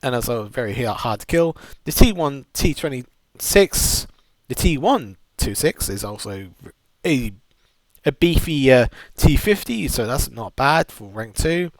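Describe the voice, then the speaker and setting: A man's voice: mid-range voice, sing-song, measured pace, no room sound. A man giving a casual, rambling game buying guide, full of restarts and enthusiastic asides. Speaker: gaming video host.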